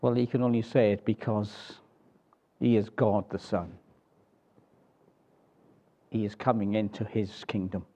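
A man preaching a sermon in a deliberate, emphatic way, often closing points with rhetorical tag questions. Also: fairly low pitch, flat delivery, dark tone.

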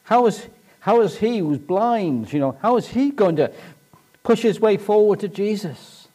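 Male preacher, animated storytelling sermon, lively swinging pitch, fairly high voice. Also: a little slow. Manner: animated storytelling, rising to emphatic shouts.

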